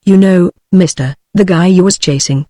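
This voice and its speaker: A woman's voice: on the low side, moderate pace, dark tone, dry recording, clean studio sound, close to an everyday voice. A British-accented synthetic female voice reading the lines of a cowering little male burglar. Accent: British English.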